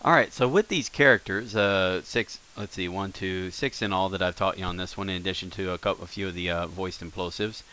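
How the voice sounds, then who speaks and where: A man with a lowish, bright and forceful voice talks through a screen-recorded language lesson. His delivery is relaxed and unscripted, full of fillers and quick self-corrections. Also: clear, resonant tone. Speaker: language teacher.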